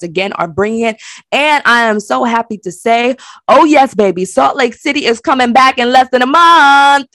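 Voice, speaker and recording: A woman co-hosting a casual recap chat, talking in a sassy, animated, slangy way. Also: a little high, a little slow, no echo. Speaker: podcast co-host.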